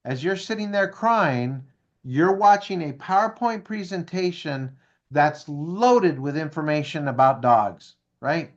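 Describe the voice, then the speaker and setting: A man's voice: on the high side, animated, unhurried, muffled recording. A man being interviewed who tells a story with energy, acts out the dialogue and keeps asking "right?" and "okay?". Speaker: guest speaker.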